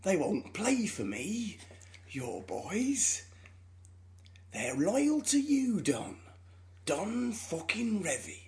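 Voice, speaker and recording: A man doing an impression of a drunk, bitter football manager who phones a rival late at night, drawing out his words slowly and half whispering. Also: sits high, sing-song, voice pushed up, full character voice. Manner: slow, drawn-out, half-whispered.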